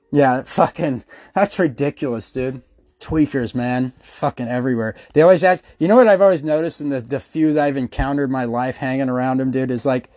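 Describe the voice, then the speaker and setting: A man's voice: medium pitch, darkish tone, dry recording. A man hosting a podcast, telling rambling, profane stories and acting out the people he quotes. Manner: swears constantly, rambling storyteller who acts out quotes. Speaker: podcast host. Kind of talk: profane comedic rant.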